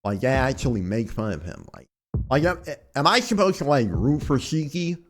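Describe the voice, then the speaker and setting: A man's voice: mid-range voice, big pitch swings, normal speed. A young man giving casual, mocking commentary in heavy slang while playing a visual novel. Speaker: let's play streamer. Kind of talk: casual commentary over a game.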